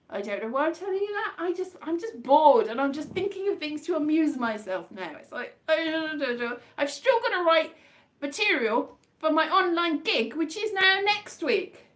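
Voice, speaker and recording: Woman, high voice, chatty live-stream ramble from indoors at home. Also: fairly bright tone. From Wales. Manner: rambling, chatty, jumps between tangents. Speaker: comedian live-streaming to viewers. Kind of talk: casual live-stream chat.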